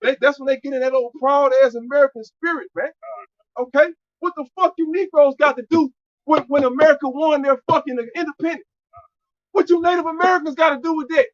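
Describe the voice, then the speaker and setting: A man preaching loudly and profanely to a street audience, shouting in bursts. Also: very high voice, fairly even intonation, fairly quick, highs cut off.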